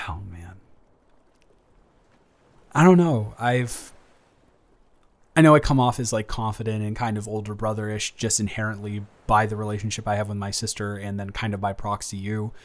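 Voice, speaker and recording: A man playing an earnest, halting young guy. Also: on the low side, steady tone, close to an everyday voice. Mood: shy. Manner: halting, hesitant, frequent restarts. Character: earnest young man, best friend's older brother. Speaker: audio roleplay performer. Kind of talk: improvised romantic audio roleplay.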